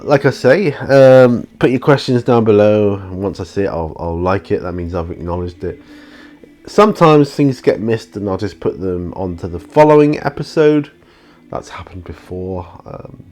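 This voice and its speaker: A man's voice: sits low, a little mellow. A man hosting his own channel, answering viewer questions in a casual, rambling monologue with plenty of ums and restarts. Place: outdoors near his studio.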